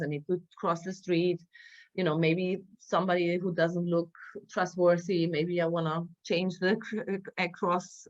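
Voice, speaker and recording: Low-voiced woman lecturing, hesitant. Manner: hesitant, many fillers and tag questions. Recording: dull lo-fi recording.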